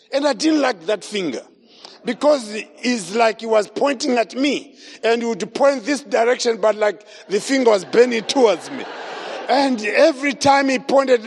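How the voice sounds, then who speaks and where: High-voiced man giving a dramatic testimony. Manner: dramatic storytelling, acting out quoted voices. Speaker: evangelist. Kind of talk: testimony sermon. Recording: long reverb of a large hall.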